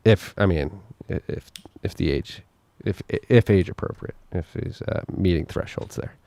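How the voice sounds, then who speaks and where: A man's voice: sits low, normal speed, creaky, warm tone, no room sound. A man co-hosting a casual podcast, joking and laughing often, and running through a list of updates. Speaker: podcast co-host.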